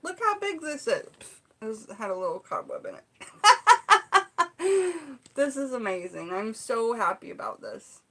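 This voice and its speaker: A woman's voice: fairly high pitch, normal speed. Gushing chatty woman vlogger. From Seattle area. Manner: chatty, gushing and excitable, with frequent "um" and "like". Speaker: vlogger opening gifts. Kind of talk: casual unboxing chat to viewers.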